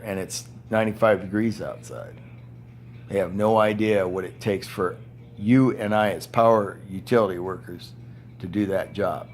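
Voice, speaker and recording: A man's voice: lowish voice, a little hiss or hum. A man in his seventies, a retired power plant worker, delivering an angry, blunt, profane monologue indoors at home. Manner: blunt, profane, ranting, with heavy swearing. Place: indoor room at home with TV and fan.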